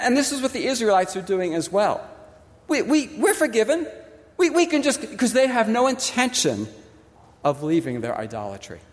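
Animated high-voiced preacher in a reverberant hall. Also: male voice. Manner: expressive preaching, mimics voices in quotes, pauses on key words. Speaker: pastor. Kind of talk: sermon.

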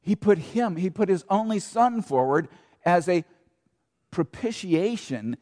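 A man with a high-pitched, mellow, expressive voice preaches as pastor at a measured pace. He stresses his points with rhetorical questions and repeated key phrases, and the sanctuary adds long reverb.

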